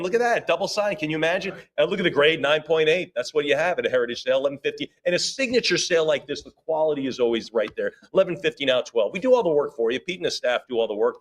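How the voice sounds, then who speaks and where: A man working as auctioneer, calling bids rapidly in a live auction and breaking off for chatty asides to bidders and staff. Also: mid-range voice. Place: auction room.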